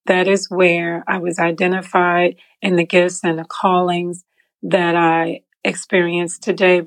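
A woman with a gravelly, fry-edged voice tells her faith story as an interview guest. She is expressive, laughs often and acts out the moments she describes. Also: fairly low pitch. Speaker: guest sharing a faith testimony. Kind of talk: animated storytelling.

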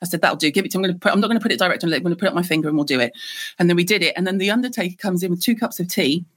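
A middle-aged woman from Liverpool with a Scouse accent, a guest telling lively stories in a podcast interview. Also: lowish voice, racing. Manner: lively, animated storyteller.

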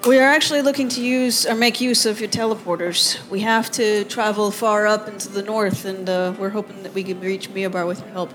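A woman's voice: mid-range voice, steady tone, fairly quick, few pauses, soft background music. A woman playing a tabletop game, describing her character's actions in first person. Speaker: player.

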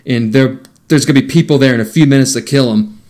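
A man's voice: mid-range voice, fast, darkish tone. A man casually recapping a film's plot for friends, joking and laughing mid-sentence. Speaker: podcast co-host recapping a film.

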